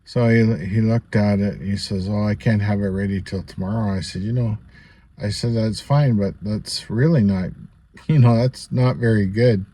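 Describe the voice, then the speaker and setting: His voice is on the low side and dark, at a normal speed, as this vlogger casually tells a personal story to camera. It's rambling and chatty, peppered with asides, small laughs and "you know."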